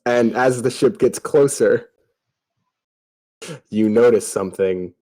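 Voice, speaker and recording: Casual male game master, mid-pitched, chuckles through his scene descriptions. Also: slow pace, darkish tone. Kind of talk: narrating a tabletop game.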